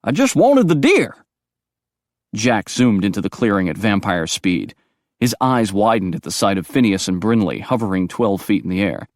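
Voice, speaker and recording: A man reading audiobook narration in a brisk, expressive storytelling manner. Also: low-pitched, dry recording, studio quality.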